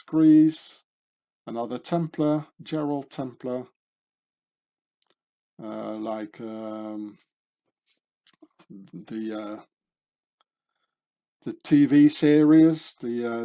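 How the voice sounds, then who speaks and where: A man's voice: mid-range voice, dark tone. A man giving casual commentary as he reads through a list of names, musing and rambling, trailing off with fillers and correcting himself. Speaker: video commentator.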